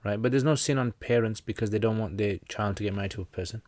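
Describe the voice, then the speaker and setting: Speaking fast in a lowish, somewhat dark voice, this British Islamic teacher fields livestream questions from viewers in a relaxed, jokey manner full of fillers. The recording is dry.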